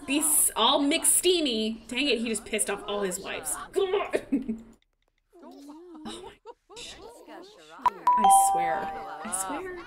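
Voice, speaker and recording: A young woman live-streaming a life-sim game, chatting casually and gushing over the game while thanking her chat. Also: fairly high pitch. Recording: loud game music behind. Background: game music.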